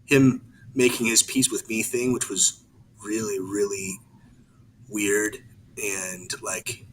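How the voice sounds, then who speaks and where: A man co-hosting a podcast, rambling in casual chat with many halting restarts. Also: fairly low pitch, flat delivery, a little hiss or hum, low-quality recording. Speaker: podcast co-host.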